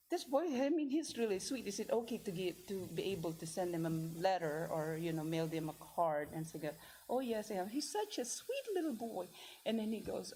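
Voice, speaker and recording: Woman, church member, informal testimony; rambling delivery, animated quoted asides, mid pitch, faint background hiss. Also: low-quality recording. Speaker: church member sharing a mission trip story. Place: church hall.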